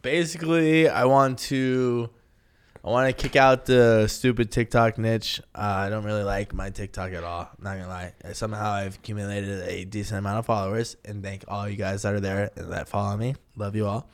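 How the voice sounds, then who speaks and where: A man's voice: lowish voice, steady tone, moderate pace, clear, resonant tone. A young man talking as a podcast guest in a casual, laid-back way, swearing freely and laughing at himself. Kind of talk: casual chat.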